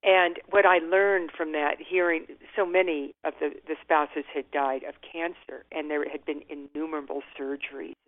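An older woman being interviewed, speaking candidly and reflectively, often with a soft laugh. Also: deep voice. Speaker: guest author. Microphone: telephone. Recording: tinny phone line.

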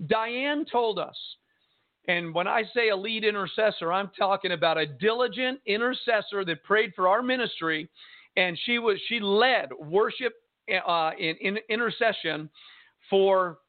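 High-voiced pastor on a tinny line. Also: male voice. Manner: conversational, earnest storytelling. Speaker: pastor and radio host. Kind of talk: storytelling testimony on a sermon radio show. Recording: tinny phone-line sound.

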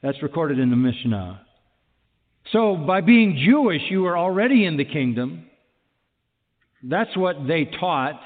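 Emphatic preacher with a slightly high voice. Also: male voice, sing-song, measured pace, pauses often, long reverb tail, phone-quality sound. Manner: emphatic, repeats key phrases, asks rhetorical questions. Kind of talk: sermon.

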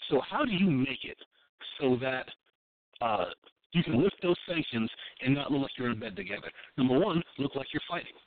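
A man's voice: medium pitch, expressive, moderate pace, dry recording. A man giving casual political commentary as a podcast co-host, blunt and profane, often restarting and repeating himself as he builds a point. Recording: thin phone-like dry sound.

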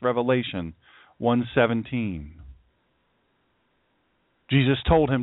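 A man's voice: mid-range voice, unhurried, pauses often, no echo. A man preaching a sermon as a pastor, stressing his warnings and reading scripture aloud. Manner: emphatic, repeats warnings and scripture. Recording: tinny phone-like dry sound.

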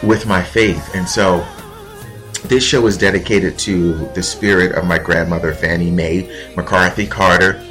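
Very deep-voiced man, earnest and heartfelt. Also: fairly even intonation, a bit bright, soft background music. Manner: earnest, heartfelt, with pauses and fillers. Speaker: podcast host. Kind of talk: reflective spoken monologue.

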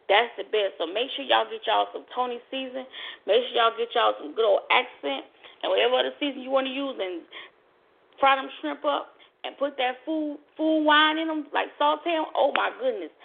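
Gravelly woman chatting on a tinny line. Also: high voice, normal speed. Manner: chatty, addresses listeners as y'all. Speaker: podcast host. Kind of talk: casual solo chat. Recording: tinny phone-like audio.

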